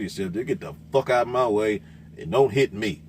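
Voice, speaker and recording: A man, a truck driver ranting loudly and cursing in casual talk from inside his truck cab. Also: lowish voice, brisk, a little hiss or hum. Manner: loud, cursing, repetitive, laughing. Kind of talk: profane casual rant.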